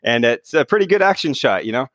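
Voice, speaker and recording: A man's voice: mid-range voice, sing-song, fast talker, a bit bright, dry recording. A middle-aged man talking casually as an interview guest, hesitant, with many fillers and restarts. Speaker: guest, mountain speed record holder.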